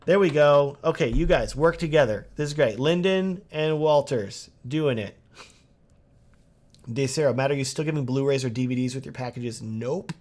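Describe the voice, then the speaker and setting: A man in his thirties talks casually on a livestream, reading viewer comments aloud and answering them in a loose, chatty way. His voice sits at an average pitch for a man, and he sounds close to a desk mic. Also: normal speed, darkish tone. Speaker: wedding filmmaker and livestream host.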